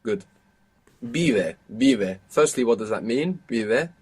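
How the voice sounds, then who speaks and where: A man's voice: mid-range voice, expressive, slow pace, a little mellow, breathy edge. Patient male language teacher. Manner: patient, explains step by step. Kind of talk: audio course instruction.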